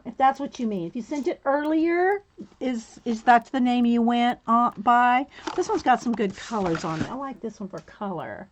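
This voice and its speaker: A woman's voice: a little high, expressive, normal speed, dull audio, a little hiss or hum. A woman hosting a crafting livestream, chatting casually and greeting viewers by name while she cuts and sorts art cards. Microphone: camera mic set low on the desk.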